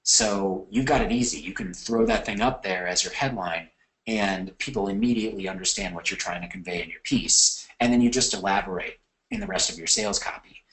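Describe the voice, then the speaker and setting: A man's voice: lowish voice, fairly quick, a bit bright, low-quality recording. A man giving a recorded course lecture, talking conversationally with fillers and self-corrections. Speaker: course instructor.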